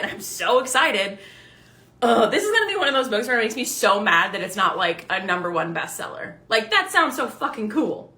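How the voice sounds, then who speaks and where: A young woman chatting casually as a book vlogger, excitable and swearing freely as she reads book blurbs aloud. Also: mid-range voice, normal speed. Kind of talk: casual book haul chat to live viewers.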